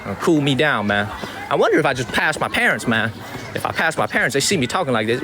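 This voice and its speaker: Lively, high-voiced Chicago man. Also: quick pace, a crowd in the background, noisy background. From Chicago, USA. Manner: emphatic, repeats himself, thanks viewers by name. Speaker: livestream host. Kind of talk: casual live-stream talk to chat. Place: outdoors in a Chinese water town.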